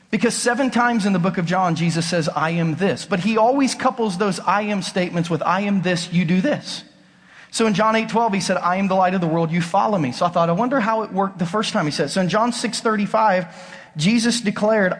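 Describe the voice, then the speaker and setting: A man preaches with a fairly high voice, talking to the congregation in a casual but emphatic way. He keeps asking rhetorical questions. His voice rings out with a long reverb, as if in a large church auditorium. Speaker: pastor. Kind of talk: sermon.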